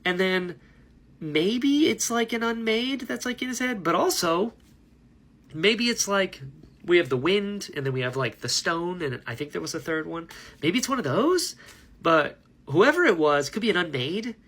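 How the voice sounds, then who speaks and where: This man's high, fairly bright voice is expressive and moves at a normal speed. He's reacting to a book on camera in a relaxed vlog, enthusiastic, rambling and often laughing at his own remarks.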